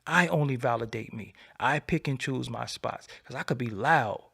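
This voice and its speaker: A man hosting his own channel, delivering a defiant, boastful solo rant that swings between a low murmur and loud outbursts. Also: moderate pace, gravelly, slightly rough. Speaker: channel host. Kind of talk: late-night solo rant to camera.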